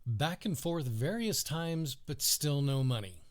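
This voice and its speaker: A man's voice: a little high, animated. Laid-back man, chuckling podcast co-host. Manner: laid-back, chuckles often, drawn-out storytelling. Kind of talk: casual chat, reading news stories aloud.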